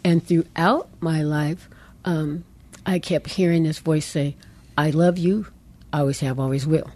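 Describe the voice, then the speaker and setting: A middle-aged woman on a call-in radio show, her voice low and husky with a dark, mellow tone. She tells her story with animation and acts out the voices she remembers hearing. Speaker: pastor's wife and co-host. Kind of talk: call-in radio talk, personal testimony.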